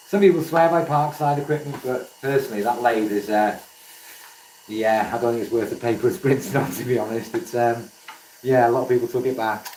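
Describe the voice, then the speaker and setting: A man's voice: mid-range voice, a little mellow, slight background noise. A man from Wales hosting a woodturning livestream, chatting in an easygoing way with viewers and often calling them mate. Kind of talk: casual live-stream chat with viewers. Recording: roomy echo, voice from a distance.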